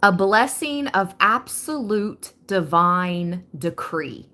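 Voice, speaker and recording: A woman giving a spiritual card reading at an unhurried pace, her voice sitting in a middle register. She reads each message with drawn-out emphasis. Between passages she slips into casual, chatty remarks to her viewers. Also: mid-range voice, expressive, bright, forceful tone. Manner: reads oracle messages slowly, breaks into casual asides. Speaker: tarot reader.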